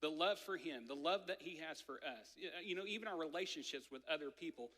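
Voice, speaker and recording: A pastor in his thirties tells a family story from the pulpit in loose, chatty sermon talk. His voice sits a bit high and sounds bright and forward. The sanctuary gives it a long, lingering reverb. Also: brisk. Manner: conversational, many "like" fillers, animated storytelling. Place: church sanctuary. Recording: church hall reverb.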